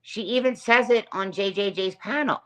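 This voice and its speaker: A woman's voice: mid-range voice, normal speed. A woman hosting her own livestream, telling a long aggrieved story and greeting chat viewers by name. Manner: aggrieved, repetitive, reads chat names aloud. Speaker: livestream host. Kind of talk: casual livestream rant.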